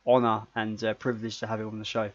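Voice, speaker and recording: A man with a lowish voice and level tone talks quickly while co-hosting a podcast, keeping the casual chat jokey and rambling and often stumbling over his words. The podcast audio is dry with no echo and sounds slightly dull.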